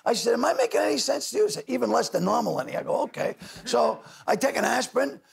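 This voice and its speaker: An older man, a talk show guest telling loud rapid anecdotes and acting out other people's lines. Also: very high voice, expressive, vocal fry. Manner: loud rapid storyteller, doing voices of others. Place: TV studio with audience.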